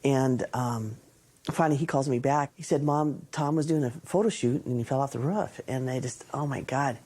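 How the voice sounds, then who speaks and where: Woman, mother, mellow tone, emotional retelling, documentary interview. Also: very deep voice, moderate pace, slightly rough. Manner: emotional, retelling a phone call.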